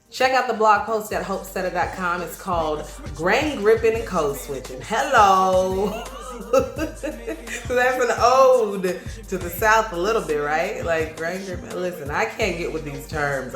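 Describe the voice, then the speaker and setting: A woman with an East Coast accent, chatting casually to camera with lively, slangy asides and frequent laughter. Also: low-pitched, normal speed, faint music behind. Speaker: vlogger. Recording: roomy echo.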